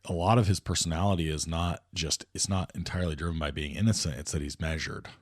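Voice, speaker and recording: A man with a very low voice hosts a casual movie podcast. He talks things through in long, meandering runs, doubling back and restarting his sentences. He sounds dry and close to the mic. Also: steady tone, fast, no room sound. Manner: rambling, with many restarts and fillers. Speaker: podcast host.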